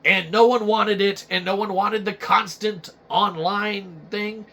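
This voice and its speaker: A man's voice: sits high, fairly even intonation, unhurried, gravelly, hardly any pauses, sharp tone. A man hosting a comedy show, ranting crudely and rambling with lots of swearing. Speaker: show host. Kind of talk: profane comedic rant.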